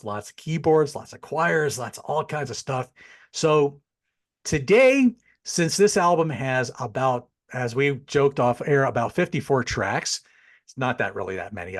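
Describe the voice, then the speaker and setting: A middle-aged man hosting a casual chat show, animated and chatty, wandering into asides. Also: mid-range voice. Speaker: podcast host. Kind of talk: casual chat over a video call.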